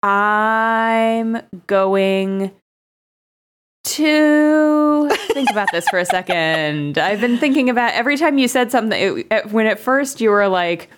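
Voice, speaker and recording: A woman co-hosting a casual podcast, tired, telling dark jokes in a playful, deadpan way. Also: measured pace. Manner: playful, deadpan dark humor, lively pitch. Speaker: podcast co-host. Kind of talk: casual comedic chat.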